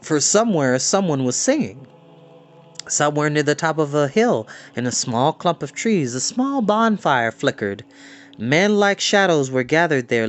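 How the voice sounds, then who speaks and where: Guy reading a story out loud, slow, really expressive, lots of ups and downs. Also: on the high side. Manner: expressive, dramatic. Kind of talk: reading a book aloud.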